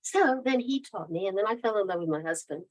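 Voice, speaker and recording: A woman's voice: mid-range voice, expressive, a little fast, low-quality recording. Chatty mid-Atlantic woman in her fifties. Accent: mid-Atlantic, between American and British. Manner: chatty, rambling, laughs often. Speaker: guest author. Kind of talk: casual interview storytelling.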